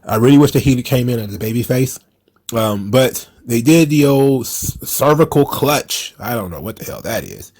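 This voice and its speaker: A man's voice: mid-range voice, animated, moderate pace, darkish tone. Rambling man giving casual commentary. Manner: rambling, chuckling, blunt opinions. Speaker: wrestling commentary host.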